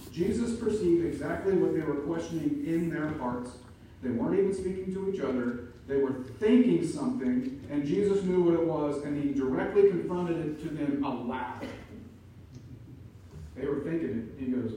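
A man's voice: fairly high pitch, animated, moderate pace, a little hiss or hum. Preaching man in an echoey church. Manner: emphatic, rising to loud peaks. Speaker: pastor. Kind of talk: sermon. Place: church sanctuary. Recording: echoey room from far off.

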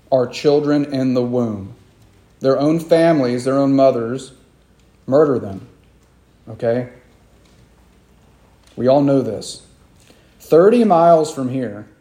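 Earnest male pastor mid-sermon, emphatic and repetitive, mid-pitched warm tone in a reverberant sanctuary. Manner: earnest, emphatic preaching with repeated phrases.

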